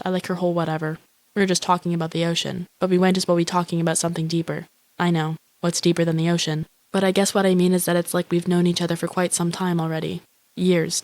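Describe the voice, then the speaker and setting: A woman voicing a flat, morbid young woman. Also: lowish voice, no echo, natural voice. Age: young adult. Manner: flat, profane, self-absorbed musing. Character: lonely, grandiose, morbid young woman wishing for a shark. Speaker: inner-monologue narrator. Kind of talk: deadpan voice-over monologue.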